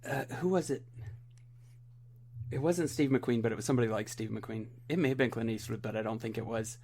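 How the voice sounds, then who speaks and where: A man's voice: medium pitch, fairly quick, gravelly, a little mellow, slight background noise. A man in casual podcast chat, chatty and trailing off as he tries to recall a name. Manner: chatty, trails off while trying to recall names.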